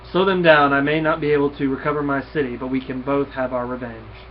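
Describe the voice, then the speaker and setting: A man's voice: medium pitch, steady tone, a little fast, a little hiss or hum, natural voice. Guy reading a revenge-hungry villain lord, short bossy lines, lo-fi sound. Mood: threatening. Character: vengeful male ring lord villain. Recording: dull lo-fi recording.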